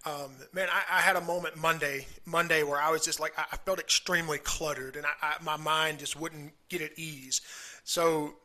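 A man with a Southern US accent hosts a podcast in a very bright, fairly high voice. He talks with enthusiasm and often stumbles over repeated words as he gets going. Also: steady tone, normal speed. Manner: enthusiastic, stammers on restarts. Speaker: podcast host. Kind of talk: casual podcast chat.

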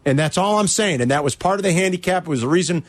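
Animated high-voiced man ranting about football. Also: fast talker. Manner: animated, exasperated ranting with rhetorical questions. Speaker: sports radio host. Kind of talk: casual sports talk.

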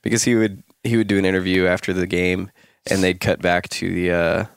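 A man's voice: deep voice, flat delivery, a little fast, vocal fry, clean tone, dry recording, studio quality. A man co-hosting a podcast in casual chat, who teases the others and tells stories. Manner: teasing, storytelling. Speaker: podcast co-host.

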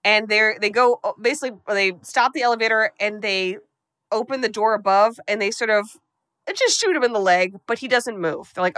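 A woman podcast host recapping a film for a guest, telling it fast and breathlessly, with lots of profanity. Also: mid-range voice, a bit bright, no room sound. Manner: rapid, profane, breathless storytelling.

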